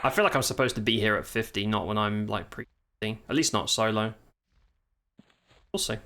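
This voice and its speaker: A man's voice: lowish voice, normal speed, bright, forceful tone, a little hiss or hum. A man streaming live gameplay with commentary, swearing and exclaiming while chatting to viewers. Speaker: game streamer. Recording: game music underneath. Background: faint game music.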